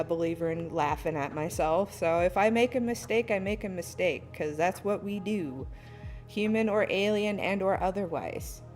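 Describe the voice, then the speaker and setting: A woman streamer chatting casually to her viewers while fixing her stream settings, laughing at herself and humming as she works. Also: medium pitch. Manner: self-deprecating, giggly, hums to herself while fiddling with settings. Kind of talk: casual live-stream chat. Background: soft lofi music.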